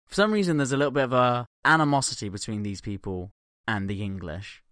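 A man's voice: mid-range voice, quick pace, a bit bright, no room sound, studio quality. A man co-hosting a podcast in casual banter, profane and jokey, laughing often. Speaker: podcast co-host.

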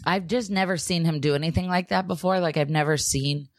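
Low-voiced mom telling a story. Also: female voice, steady tone, a little fast, dry recording, clean studio sound. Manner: candid, emotional storytelling. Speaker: podcast co-host. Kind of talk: casual chat.

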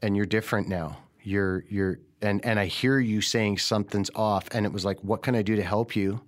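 A man speaks in a casual podcast conversation, his voice sitting a little low. He is frank and earnest, drops swear words freely, and slips into other people's voices when he retells what they said. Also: steady tone, moderate pace. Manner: candid and earnest, swears freely, acts out quoted speech.

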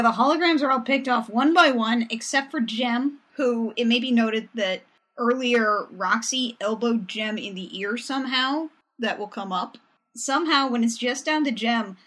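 Woman podcast co-host, fairly high bright voice, animated and sarcastic. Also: a little slow. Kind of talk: casual recap chat.

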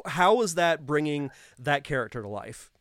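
A man's voice: fairly high pitch, expressive, normal speed, fairly bright tone, dry recording, clean studio sound. A male podcast host asking his guest questions in an eager, fan-like manner. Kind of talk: casual interview.

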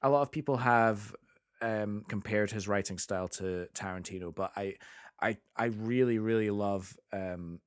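A man co-hosting a casual film chat, enthusiastic and halting. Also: fairly low pitch, clean tone, no echo, clean studio sound. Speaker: podcast co-host. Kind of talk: casual chat about films.

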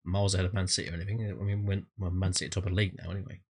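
A man with a very deep, husky voice on a podcast panel. He rattles off quick, offhand remarks at great speed. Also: level tone, darkish tone. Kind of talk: casual chat.

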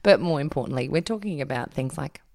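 A woman's voice: deep voice, expressive, fast talker, vocal fry, a little mellow, no echo, clean studio sound. A woman hosting a podcast in casual chat, giggly and teasing. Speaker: podcast host.

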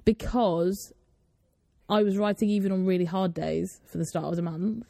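Gravelly, dark-voiced young woman chatting. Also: mid-range voice, moderate pace, no room sound, studio quality. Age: 20s. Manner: chatty storyteller, laughs often. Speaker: podcast co-host. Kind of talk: casual chat.

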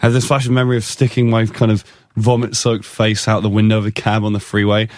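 A man's voice: fairly low pitch, monotone, fast, dry recording, studio quality. A man with an English accent, chatting casually and telling stories in a rambling, sheepish way. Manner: rambling, sheepish storytelling with frequent restarts. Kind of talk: casual chat.

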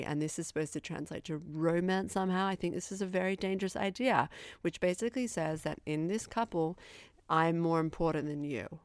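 A woman's voice: lowish voice, brisk, no echo, studio quality. A woman co-hosting a casual film chat, critical and wry, laughing often. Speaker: podcast co-host.

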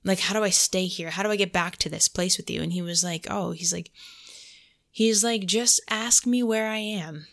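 A woman's voice: mid-range voice, normal speed, a bit bright. A woman hosting a casual faith podcast, telling a story and acting out her own prayers in between, with lots of "like". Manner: storytelling, heavy use of "like", quotes her own prayers aloud. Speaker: podcast host.

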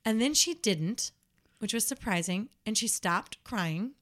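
A woman's voice: mid-range voice, lively intonation, unhurried, fairly bright tone. A young adult woman who works as a nanny, chatting casually and telling stories, acting out the voices she quotes. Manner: storytelling, acts out quoted voices. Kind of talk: casual chat.

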